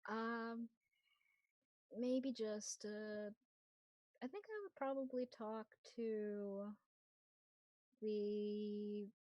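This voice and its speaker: A woman speaking as a player in a tabletop game, in hesitant, halting phrasing. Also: medium pitch, no echo, lo-fi sound. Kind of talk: tabletop game role-play.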